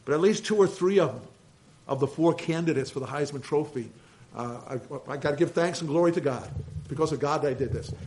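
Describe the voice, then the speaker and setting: Animated pastor preaching. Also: male voice, fairly high pitch, a little fast, slight background noise, rough recording. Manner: animated preaching, swings between loud emphasis and quiet asides. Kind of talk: sermon.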